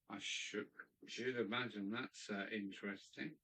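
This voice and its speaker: Male live-stream host, casual rambling chat, unhurried delivery. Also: lowish voice, bright, forceful tone, poor audio. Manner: rambling, chatty, musing aloud. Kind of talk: casual chat reading viewer comments. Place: hobby room in a loft.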